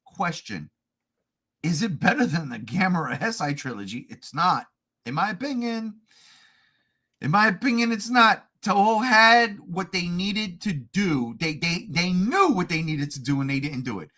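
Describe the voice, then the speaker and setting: A man hosting a casual podcast chat, excitable and profane, often laughing and shouting. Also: on the high side, normal speed. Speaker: podcast host.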